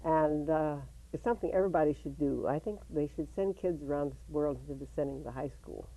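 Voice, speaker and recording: A woman's voice: deep voice, quick pace, mellow. A woman in her eighties, a folk singer, singing old union songs and chatting about her life in an interview. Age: 80s. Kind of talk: unaccompanied folk singing and casual interview talk. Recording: tinny phone-like band with guitar music.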